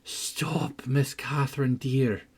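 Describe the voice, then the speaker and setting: A man reading an audiobook, voicing an earnest older housekeeper who gently reproves a girl. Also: mid-range voice, steady tone, slow pace, breathy edge. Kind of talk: audiobook narration.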